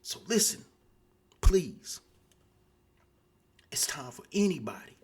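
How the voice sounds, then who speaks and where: A man hosting his own show, giving an impassioned monologue that swings from hushed, near-whispered lines to loud shouting, and who keeps saying "man". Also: medium pitch, animated, slow pace, pauses often, slightly rough. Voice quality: preachy, repeats "man". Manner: starts hushed and intimate, builds to shouting. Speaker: podcast host.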